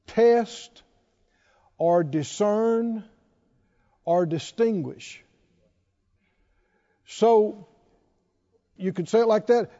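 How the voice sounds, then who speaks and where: High in pitch yet dark in tone, a male pastor's voice rings through a church sanctuary as he preaches and asks the congregation to reply in call-and-response. The sound is lo-fi and dull, echoing like a hall.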